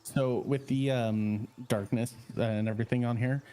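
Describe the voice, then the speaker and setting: A man running a tabletop game as dungeon master, explaining rules in a relaxed way with many fillers. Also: mid-range voice, normal speed.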